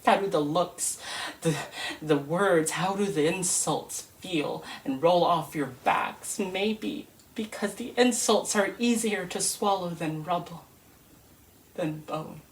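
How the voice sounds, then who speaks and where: A woman reciting a spoken word poem in a slow, measured and emphatic way. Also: lowish voice, recorded from a distance. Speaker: poetry reader.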